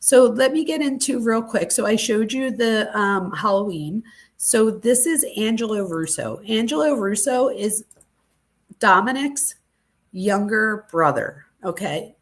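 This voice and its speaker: Moved nearly to tears, a true crime channel host pours out her gratitude to viewers during a casual livestream chat. She speaks in a fairly high, animated voice at an unhurried pace.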